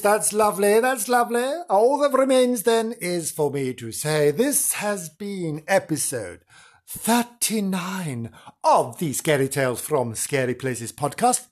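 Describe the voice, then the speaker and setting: A man hosting a podcast who closes the episode with chatty, teasing, self-mocking remarks. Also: on the high side. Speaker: podcast host. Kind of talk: casual podcast sign-off.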